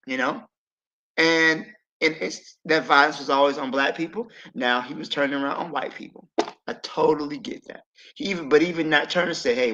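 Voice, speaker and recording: A man hosting a livestream panel discussion, speaking emphatically with sudden swings between loud and quiet. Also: on the high side, lo-fi sound. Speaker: podcast host.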